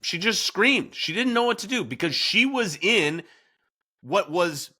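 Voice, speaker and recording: A man's voice: high voice, lively intonation, unhurried, sharp tone. A man hosting a podcast in a casual discussion, telling stories with animation and acting out quoted lines. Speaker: podcast host.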